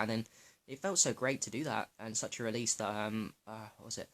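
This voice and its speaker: A man's voice: fairly low pitch, fairly bright tone. A young man talking to camera in a loose, rambling way, swearing freely and often restarting his sentences. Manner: loose, profane and rambling, with many restarts and fillers. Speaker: health vlogger. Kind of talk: casual rambling monologue to camera.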